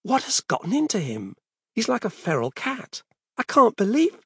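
A man voicing a frightened, angry father who shouts in a panic. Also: high-pitched, huge pitch swings, normal speed, vocal fry, breathy edge, no room sound, studio quality, voice pushed up, heavily acted. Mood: uneasy.

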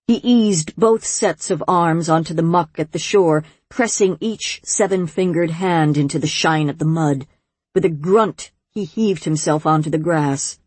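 A woman reads a storybook aloud in a slow, measured way. Her voice is mellow and a bit husky, and the recording is dry and close. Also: low voice, no echo. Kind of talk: storybook reading.

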